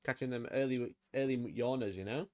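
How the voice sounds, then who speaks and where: A British man from the United Kingdom hosts a live stream while painting miniatures, chatting casually and greeting viewers by name. His mid-range voice is a little fast, with no room sound and dull audio.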